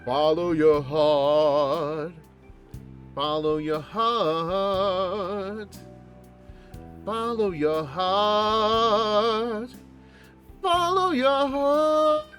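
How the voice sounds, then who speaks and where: Desperate cult devotees from a game wail their pleas as a man puts them on. The voice is shrill and very high, drawn out slowly with big swings in pitch. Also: animated, soft background music. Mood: pleading. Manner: slow, shrill, wailing pleas.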